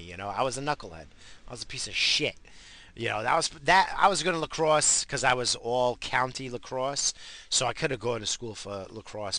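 A middle-aged man from New York with a New York accent, telling a story in a casual monologue and swearing constantly. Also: fairly low pitch. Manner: heavy swearing, animated. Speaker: solo storyteller.

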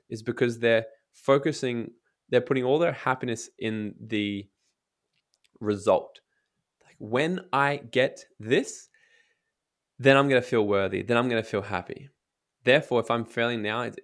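A man who works as a motivational speaker and coach, talking in a casual interview with energy and blunt, profane language, acting out inner voices. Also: fairly low pitch. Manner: energetic, blunt, swears freely; acts out inner voices in quotes.

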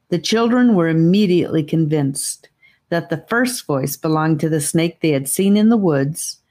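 A woman reading a fantasy audiobook aloud in a calm, measured storytelling manner. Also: deep voice. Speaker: audiobook narrator. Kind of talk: audiobook narration.

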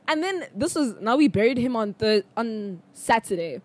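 A young South African woman hosting a podcast, telling a personal story in a chatty, animated way with bursts of laughter. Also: fairly high pitch, moderate pace. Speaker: podcast host. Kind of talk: casual storytelling monologue.

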